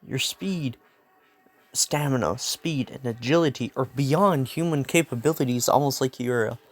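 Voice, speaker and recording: A man voicing a blunt, gruff older male doctor in a casual fan story. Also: medium pitch, moderate pace, faint music behind, natural voice. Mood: solemn.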